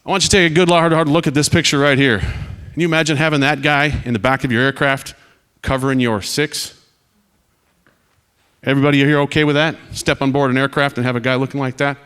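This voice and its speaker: An American man in his forties, a career Air Force officer about to retire, addresses a student audience during a panel. He speaks with a middling pitch, earnest and direct. He walks through his slides with stories and the occasional dry joke. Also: steady tone, brisk, a bit bright, smooth. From United States. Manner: earnest, direct and storytelling, with wry asides.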